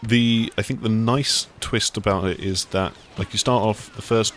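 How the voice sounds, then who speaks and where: A man's voice: fairly low pitch, steady tone, moderate pace, fairly bright tone, a little hiss or hum. A man hosting a casual video game chat, talking in a rambling, enthusiastic way. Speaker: gaming site host.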